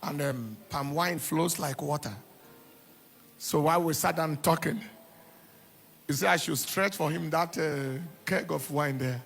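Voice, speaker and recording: A man's voice: fairly high pitch, measured pace, vocal fry, fairly bright tone, slightly rough. A middle-aged man preaching a sermon, telling personal stories with emphatic repetition and laughter. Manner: emphatic, repeats words and phrases. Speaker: pastor.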